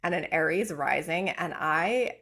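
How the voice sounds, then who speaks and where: Husky, gravelly-voiced woman podcast host. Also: deep voice, expressive, measured pace, fairly bright tone. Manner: gushing and upbeat, heavy use of "like". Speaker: podcast host and oracle coach. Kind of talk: casual podcast chat.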